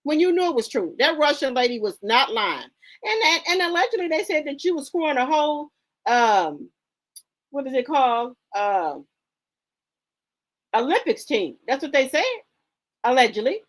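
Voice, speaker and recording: A woman hosting a gossip channel, speaking in a high voice. Her pitch swoops widely as she builds indignant, sassy commentary. She often repeats phrases to hammer a point home. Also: very animated, moderate pace, pauses often. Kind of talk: casual commentary reading posts aloud.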